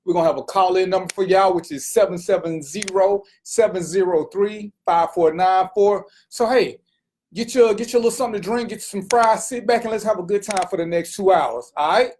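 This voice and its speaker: A man's voice: high-pitched, a little fast, darkish tone, slight background noise. A man hosting an internet radio talk show, slangy and casual, greeting viewers by name.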